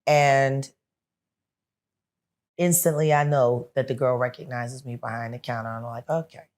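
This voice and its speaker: A woman with a strikingly deep, low voice talks as a guest in a casual sit-down chat. She tells her stories with animation and slips into the voices of the people she's quoting. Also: measured pace. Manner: animated storyteller who acts out the people she quotes. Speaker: interview guest.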